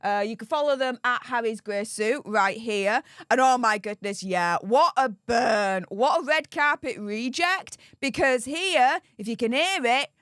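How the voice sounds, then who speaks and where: A woman's voice: fairly high pitch, expressive, unhurried, hardly any pauses, fairly bright tone, smooth, no echo, studio quality. A woman hosting a live-stream commentary, chatty and gushing in her thanks to viewers. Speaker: livestream commentary host.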